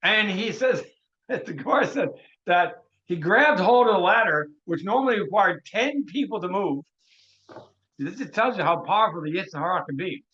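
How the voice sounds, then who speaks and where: High, bright-voiced rabbi telling a story. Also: male voice, normal speed, highs cut off. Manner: animated retelling, frequent restarts and Hebrew terms. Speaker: rabbi teaching a workshop. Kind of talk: storytelling Torah lecture.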